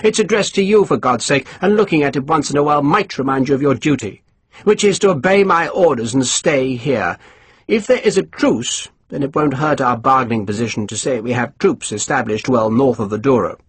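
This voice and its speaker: A man's voice: mid-range voice, animated, a little fast, breathy edge, no echo. A man voicing a pompous, condescending army colonel who turns irritable, read for an audiobook. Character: pompous, snappish middle-aged male army colonel.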